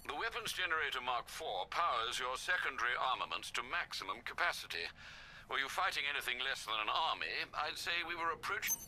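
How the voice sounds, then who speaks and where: Game role: formal older butler, bright and lively, polite. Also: male voice, medium pitch, slight background noise, rough recording. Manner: polite and measured.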